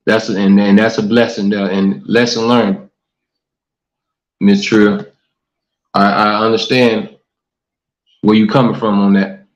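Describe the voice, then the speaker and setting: A man's voice: fairly low pitch, little pitch movement, slow, long pauses. Earnest guy preaching to his stream viewers, talks right to y'all, roomy echo, kinda muffled audio. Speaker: talk show host. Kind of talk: casual livestream talk reading comments. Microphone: livestream mic. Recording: echoey room, dull lo-fi stream audio.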